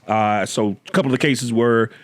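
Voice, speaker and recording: A man's voice: mid-range voice, fairly even intonation, normal speed, no echo. A middle-aged man hosting a casual podcast chat, playful and joking, now and then slipping into put-on accents. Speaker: podcast host.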